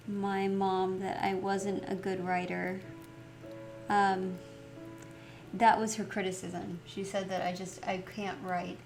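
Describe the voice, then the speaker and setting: A woman chatting casually as she plays through a story game, reflective and quick to laugh. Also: mid-range voice, darkish tone. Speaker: let's play host.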